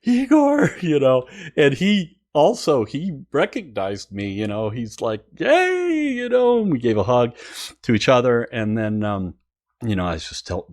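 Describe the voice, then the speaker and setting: A man who hosts a music channel, telling a story casually and excitedly, with many fillers and frequent laughter. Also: mid-range voice, moderate pace.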